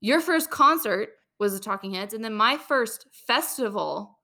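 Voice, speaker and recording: Bright young woman chatting on her podcast, lively storyteller. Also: on the high side, unhurried. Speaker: podcast host. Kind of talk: casual chat.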